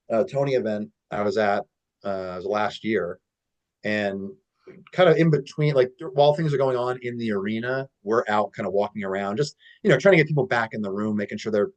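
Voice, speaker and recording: A man coaching on a casual call, telling stories with a relaxed manner and lots of "like" and "you know". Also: on the low side. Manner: relaxed storytelling with many fillers. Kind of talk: casual teaching talk.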